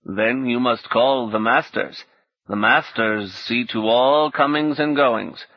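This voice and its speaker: A man voicing a thoughtful, grave man who speaks slowly and meaningfully. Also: medium pitch. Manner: slow, deliberate, meaningful. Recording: dull lo-fi recording.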